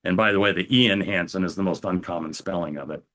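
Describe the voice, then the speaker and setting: Older man, low calm halting voice. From United States. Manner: calm, halting, with frequent restarts. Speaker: interview guest. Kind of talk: personal storytelling.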